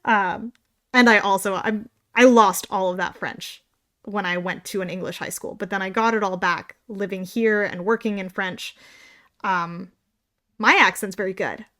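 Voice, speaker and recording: A young woman from Canada chats casually as a podcast co-host. She talks in loose tangents and drops sarcastic asides. Her pitch sits in a middle range. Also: fairly even intonation, normal speed, pushed and bright. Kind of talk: casual chat.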